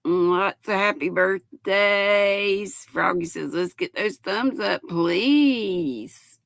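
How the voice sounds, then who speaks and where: Gravelly older woman greeting chat. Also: medium pitch, slow, a bit bright, no room sound. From North Carolina. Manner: affectionate greetings, calls viewers honey and sweetheart. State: voice cracking. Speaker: livestream host. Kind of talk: casual livestream chat reading comments.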